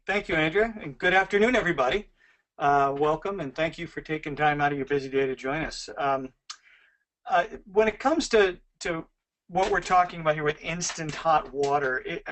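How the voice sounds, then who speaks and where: A man giving an explanatory presentation as a guest on a webcast, speaking in a clear, formal manner. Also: fairly high pitch, a bit bright.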